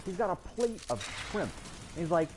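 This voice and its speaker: A man chatting casually while he plays a game, rambling through stories and jumping into animated voices for the people he quotes. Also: sits high, normal speed, background noise. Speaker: gaming streamer. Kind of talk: casual chat while gaming.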